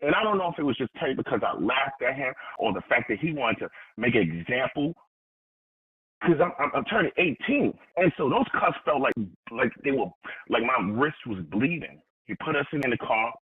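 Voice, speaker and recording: Husky New man telling a story. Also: mid-range voice, moderate pace. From New York. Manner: animated, conversational, acts out quoted dialogue. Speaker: motivational speaker. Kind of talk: personal storytelling monologue. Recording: tinny phone-like sound.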